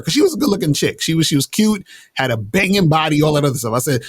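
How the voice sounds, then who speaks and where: This man's fairly high voice swings widely in pitch as he talks fast, sharing dating stories as an interview guest in a loose, slangy manner with many restarts. No room sound can be heard.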